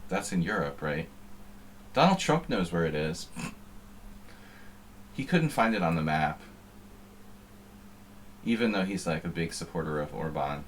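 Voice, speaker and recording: A man's voice: low-pitched, expressive, a little slow, pauses often, a little hiss or hum. A man streaming chess, chatting in a rambling, wry, offhand way between moves. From United States. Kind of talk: casual chat while playing online chess.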